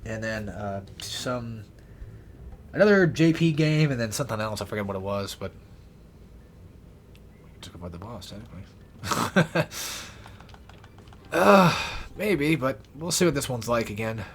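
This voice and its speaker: A man rambling through a let's play with lively ups and downs in his pitch, swearing freely and making fun of himself. He sounds a little winded, with a middle-pitched voice. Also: measured pace, long pauses, slight background noise. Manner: rambling, profane, self-deprecating. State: out of breath. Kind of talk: casual gameplay commentary.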